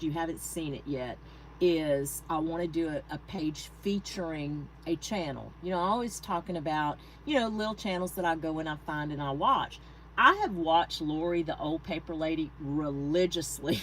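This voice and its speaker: A woman's voice: medium pitch, a bit bright, slight background noise, low-quality recording. A woman hosting a craft channel, chatting casually with her viewers while she works, laughing often. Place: home craft room.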